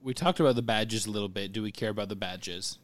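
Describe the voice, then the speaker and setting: A man hosting a casual book-club podcast, leading the talk in a dry, wry, gently teasing way. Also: fairly low pitch, fast talker. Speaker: podcast host leading discussion.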